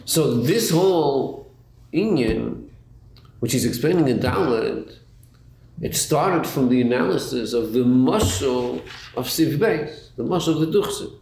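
A man's voice: medium pitch, lively intonation, measured pace, vocal fry, darkish tone. A man teaching a Chassidus class, asking rhetorical questions and repeating words as he thinks it through. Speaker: Torah teacher. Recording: echoey room with faint noise.

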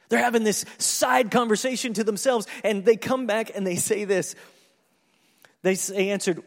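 A man preaching a sermon, walking through a scripture passage and acting out the characters' lines in an animated way. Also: high voice, unhurried, big-room sound. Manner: animated, acts out scripture dialogue with laughs. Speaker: pastor.

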